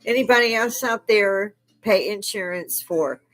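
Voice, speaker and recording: A woman's voice: mid-range voice, measured pace, fairly bright tone, soft background music. An older woman delivering an angry, profane political rant, sarcastic and scornful, with bursts of mocking laughter. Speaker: livestream host.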